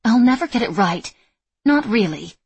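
A woman's voice: on the high side, sing-song, moderate pace, vocal fry, a little mellow, slightly rough, no echo, pitched above the performer's own voice, heavily acted. A woman voicing a frustrated young female fighter who talks in an earnest, self-critical way.

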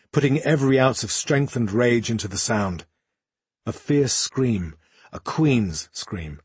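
A man narrating an audiobook in a steady, even storytelling manner. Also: medium pitch, slightly rough, no room sound. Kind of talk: scripted narration.

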